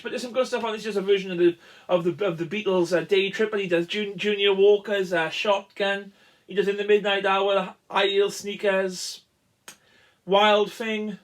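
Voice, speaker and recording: A guitarist with a high, slightly bright voice casually shows off his vinyl records. It's a show-and-tell where he rambles through the track lists with plenty of ums and uhs.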